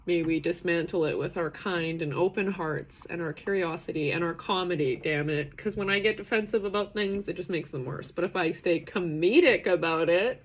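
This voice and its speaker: Thirties woman hosting a live stream, lowish voice with vocal fry, chatty and quick to laugh. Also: a little hiss or hum. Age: 30s. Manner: chatty and warm-hearted, laughs often, talks in rambling restarts. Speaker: host of a live self-acceptance session. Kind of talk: casual live-stream talk, reading chat comments.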